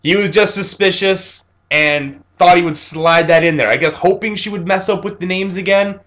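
A young man reviewing an anime episode, retelling scenes in a casual, animated way with fillers. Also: sits high, moderate pace.

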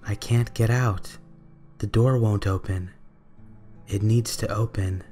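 A man's voice: fairly low pitch, steady tone, slow pace, warm tone, soft background music. A man voicing a frightened young woman who pleads for help over the phone in a horror story. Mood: pleading. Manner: pleading, urgent.

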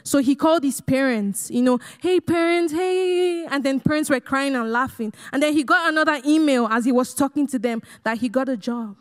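A young Nigerian woman giving a lively testimony talk, laughing often and acting out conversations as she speaks to the audience. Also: high voice, fairly quick, few pauses. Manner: animated storyteller, laughs often, acts out dialogue, talks to the crowd as "guys". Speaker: guest speaker sharing a testimony. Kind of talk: sermon-style personal testimony.

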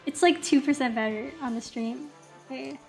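A young woman streams casually, and her voice sits high and bright. She rambles excitably and fills her chatter with lots of "like" and "um". Soft music plays faintly underneath. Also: normal speed, vocal fry. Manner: rambling and excitable, many filler words. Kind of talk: casual livestream chat.

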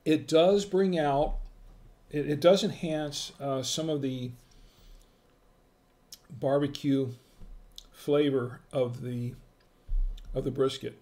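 A man's voice: fairly high pitch, fairly even intonation, slow, pauses often, dark tone. A middle-aged man hosting a casual live-stream wine tasting, chatting with viewers in the chat and greeting them by name.

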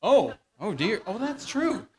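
A man's voice: high-pitched, big pitch swings, unhurried, darkish tone. A man, a church elder, teaching a Bible lesson by playfully directing volunteers through a staged skit in front of a congregation. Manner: playful, directing volunteers and feeding them lines. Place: church hall before a congregation.

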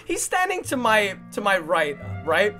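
A young man streaming, telling a story to his chat in a casual, animated way, swearing and using lots of fillers. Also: high voice, measured pace, faint music behind. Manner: animated, swearing, frequent fillers, breaks into laughter.

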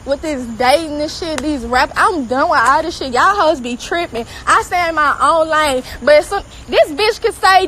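A woman's voice: high voice, pushed and bright, a little hiss or hum, poor audio. A woman delivering an angry, profanity-filled social media rant, talking heatedly and repeating herself. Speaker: celebrity girlfriend.

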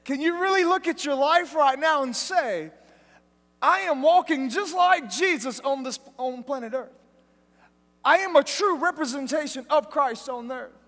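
A man preaching a sermon at a live event, telling stories in a lively, joking way. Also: extremely high pitch, a little slow. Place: large event hall. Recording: long hall reverb from live event.

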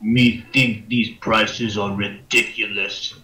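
Brutish growling warrior , voiced by a man at the table, slow and low in broken speech, roomy room sound. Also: level tone, bright, forceful tone. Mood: menacing. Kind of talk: tabletop role-play. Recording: roomy echo.

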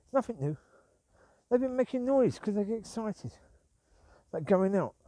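A man with a high, animated voice and a dark tone speaks at a normal pace in a dry recording. He's a vlogger walking his dogs outdoors on a street at night, rambling and grumbling, repeating himself and calling sharply to the dogs.

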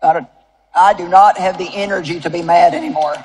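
A woman in her seventies preaching a sermon to a live audience, telling a story in a folksy, animated way with asides to the crowd. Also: on the low side, brisk, noisy background. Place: large auditorium with audience.

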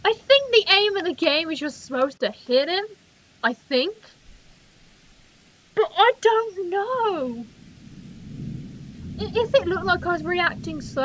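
A young woman giving profane, jokey commentary while playing a horror game, reacting loudly. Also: high-pitched. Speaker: gaming channel host. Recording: humming noisy home recording.

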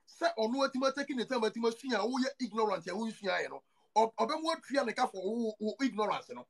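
A man's voice: high-pitched, animated, fast talker, gravelly. A man with a Ghanaian accent hosting a casual podcast chat, emphatic and repeating his points as he switches between languages. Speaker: show host.

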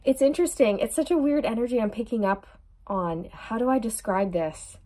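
A woman's voice: a little high, moderate pace, dark tone. A young adult woman giving a chatty tarot reading straight to her viewer, laughing often and calling her girl. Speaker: tarot reader.

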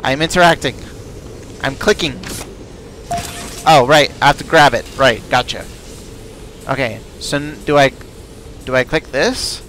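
A man's voice: mid-range voice, unhurried, pauses often, fairly bright tone, slight background noise. A man giving let's play commentary, chatting to game characters and yelping when chased. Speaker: gaming video creator.

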